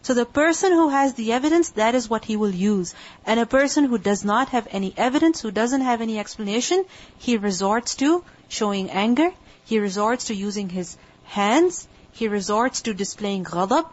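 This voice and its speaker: A woman's voice: a little high, lively intonation, moderate pace. A woman teaching a religious lecture, explaining each point and posing rhetorical questions that she then answers herself. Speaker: Quran teacher. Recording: dull lo-fi recording.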